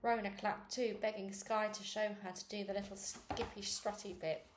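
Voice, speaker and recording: A woman reading a children's novel aloud, with small slips and restarts, raising her pitch for the girls' quoted lines. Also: fairly even intonation, normal speed. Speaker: reader. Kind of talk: read-aloud book narration. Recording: echoey room with faint noise.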